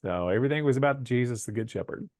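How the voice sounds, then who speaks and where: A man hosts a relaxed church podcast, chatting along with plenty of fillers and side remarks. His voice sits at an ordinary middle pitch. It sounds dry and close, with no room around it. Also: fast talker, no room sound. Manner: chatty, rambling with fillers and asides. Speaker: church podcast host and musician. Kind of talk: casual podcast chat.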